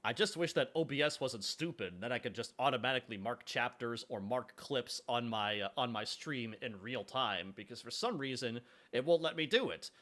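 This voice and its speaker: A laid-back male streamer chatting away as he works, with a bright, forward tone. His pitch moves around a lot, giving the talk a lively, easygoing feel. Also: normal speed, hardly any pauses. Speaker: streamer and game developer. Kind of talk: casual live-stream chat.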